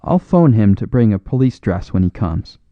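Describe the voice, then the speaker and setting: A man's voice: fairly low pitch, very animated, moderate pace, dry recording, lo-fi sound. A man voicing a boisterous, big-hearted Canadian farmer in an exuberant, hearty way for a storybook reading. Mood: enthusiastic.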